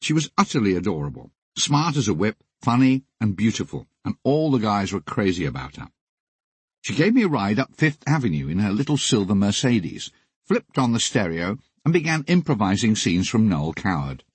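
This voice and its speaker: An older man narrating his memoir in a wry, deadpan comic style. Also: fairly low pitch, normal speed, slightly rough, no room sound.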